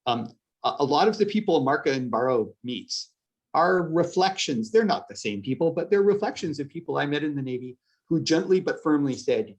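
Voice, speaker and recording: A man's voice: fairly high pitch, sing-song, normal speed. A middle-aged man from upstate New York with a Canadian-sounding accent, chatting as an author guest in a casual interview, self-deprecating and full of restarts. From upstate New York, USA. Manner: rambling, self-deprecating, many restarts and laughs.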